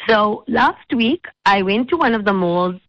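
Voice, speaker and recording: A woman hosts a radio talk show and tells her story in a lively, animated way, acting out the quotes as she goes. Her voice sits at an ordinary middle pitch. The sound is dry and a little dull, like a radio studio mic. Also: measured pace, dry recording. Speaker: radio host.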